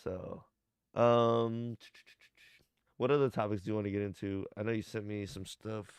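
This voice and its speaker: A man's voice: on the low side, steady tone, moderate pace, clean tone, dry recording. Laid-back rambling young man. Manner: laid-back, rambling, swears often, says "like" a lot. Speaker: podcast co-host. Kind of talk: casual chat.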